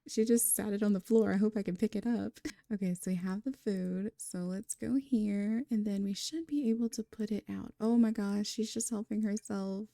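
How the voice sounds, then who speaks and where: A woman's voice: mid-range voice, steady tone, normal speed, gravelly, no room sound. A young woman narrating a life-sim game story in a casual, chatty way, laughing often, on a close mic. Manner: chatty and warm, with frequent laughs and fillers. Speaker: gameplay storyteller.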